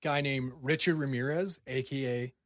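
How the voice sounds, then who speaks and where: A young man co-hosting a casual podcast, an excitable storyteller who laughs a lot and jokes around. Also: mid-range voice, moderate pace, no room sound, clean studio sound. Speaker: podcast co-host. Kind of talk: casual chat.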